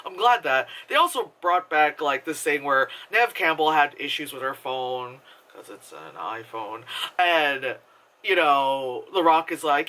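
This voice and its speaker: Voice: mid-range voice, animated, unhurried, bright, forceful tone. Rambling, laughing movie reviewer. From United States. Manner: rambling, profane, laughs often. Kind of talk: casual vlog review. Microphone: camera.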